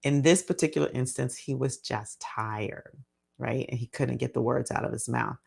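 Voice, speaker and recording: Gravelly-voiced woman explaining a parenting model. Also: extremely low pitch, normal speed, darkish tone. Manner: thoughtful, explains step by step with many fillers. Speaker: physician and parenting speaker. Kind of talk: casual teaching talk.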